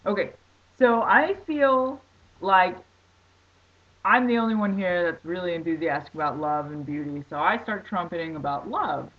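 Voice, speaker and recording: A woman telling a story casually on her vlog, excitable and rambling, full of "like". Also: fairly low pitch, moderate pace, lo-fi sound, a little hiss or hum. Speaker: vlogger.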